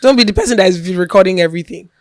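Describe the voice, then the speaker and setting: A woman's voice: medium pitch, racing. A young woman with a Nigerian accent co-hosting a podcast in casual chat, laid-back and playfully exasperated. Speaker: podcast co-host and media presenter.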